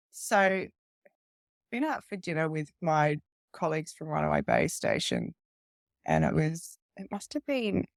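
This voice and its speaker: A woman's voice: low voice, gravelly, no echo, clean studio sound. An Australian woman in her thirties, a podcast guest telling a candid personal story in a chatty way and acting out the people she quotes. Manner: chatty, laughs often, acts out quoted voices. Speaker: podcast guest, police detective.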